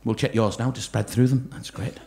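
On a large theatre stage, a male stand-up comedian and magician quickly ribs a volunteer from the audience during live banter. His mid-range voice is steady, gravelly and a little mellow, and the recording of the live show includes audience laughter.

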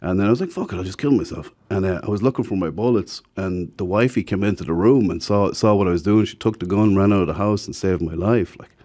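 Talking fast with few pauses, this low-pitched Irish guest shares stories frankly in a casual conversation. When quoting others, he acts them out with animation.

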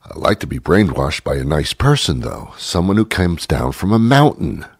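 A man's voice: deep voice, very animated, moderate pace, gravelly, breathy edge, dry recording, studio quality. A man hosting a talk show, musing aloud in a rambling monologue with frequent stammered restarts, while he has a cold.

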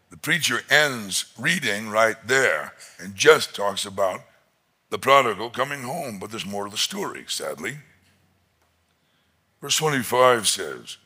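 A man preaching a sermon as pastor, expressive and emphatic, rising to loud peaks. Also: mid-range voice, breathy edge.

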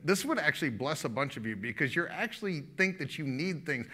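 Male pastor preaching live; emphatic and repetitive, with a bright, slightly high voice. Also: expressive, a little fast, few pauses. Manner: emphatic, laughing often, repeating phrases. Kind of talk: sermon.

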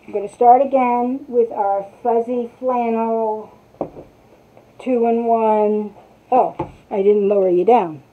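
A woman's voice: a little high, a little hiss or hum. A woman hosting a casual craft tutorial live stream, chatting to viewers while she works on a piece at her table. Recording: tinny phone-like sound.

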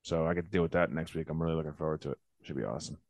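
A man's voice: rumbling low, steady tone, very fast, darkish tone, no echo. A man co-hosting a podcast, chatting casually with a laid-back, sarcastic tone and offhand swearing. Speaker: podcast co-host. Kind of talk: casual chat.

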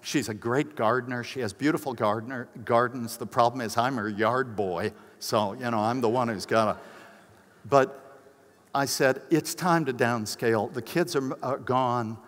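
A man's voice: steady tone, moderate pace, a bit bright. Older male pastor preaching in a hall. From United States. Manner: conversational, acts out quoted voices with big pitch jumps. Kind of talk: conference sermon with personal stories. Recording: long reverb of a large hall.

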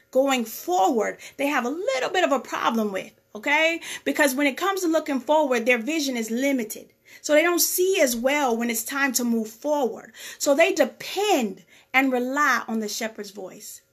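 A woman's voice: sits high, creaky, a bit bright. A woman minister giving a short devotional sermon in a conversational way, repeating phrases and often checking in with "okay?". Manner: conversational, keeps asking "okay?".

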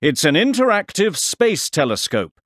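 A man doing a brisk, excited old inventor. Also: on the high side, no room sound, studio quality, pitched above the performer's own voice. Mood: welcoming. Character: busy cheerful eccentric male inventor.

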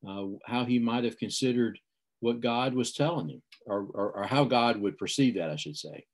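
A man's voice: medium pitch, moderate pace. A man co-teaching a Bible class who reflects aloud in a hesitant, conversational way with many fillers. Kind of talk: casual scripture teaching discussion.

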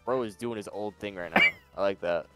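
A man's voice: lowish voice, fairly quick, loud music behind the voice. A man joining a gaming stream for casual chat, trading crude, teasing banter. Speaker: stream guest.

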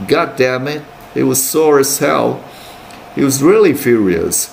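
A man teaching English, reading a novel aloud in steady plain narration with brief Mandarin asides. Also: medium pitch, measured pace, vocal fry, a little hiss or hum.

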